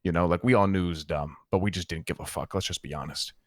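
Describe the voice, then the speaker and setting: A man's voice: low-pitched, fast, no echo, studio quality. A man in character in an online roleplay, telling a heated, profane story to a friend. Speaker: roleplay gang member recounting events.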